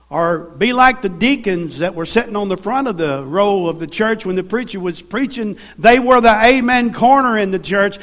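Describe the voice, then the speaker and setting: A man's voice: high voice, normal speed, hardly any pauses, fairly bright tone. A man with a Southern US accent preaching a sermon in a church, telling folksy stories and calling for amens. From American South. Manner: folksy storytelling with call-and-response.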